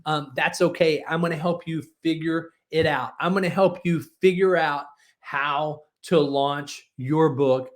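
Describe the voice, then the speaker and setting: A man in his forties giving a folksy, energetic motivational talk as a book publishing coach. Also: a little high, unhurried. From Oklahoma. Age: 40s. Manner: folksy storytelling, energetic and persuasive.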